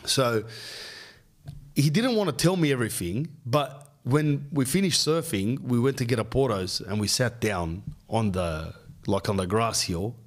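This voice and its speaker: A man's voice: mid-range voice, animated, measured pace. An Australian man hosting a podcast, telling a rambling, slang-filled story in casual chat. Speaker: podcast host.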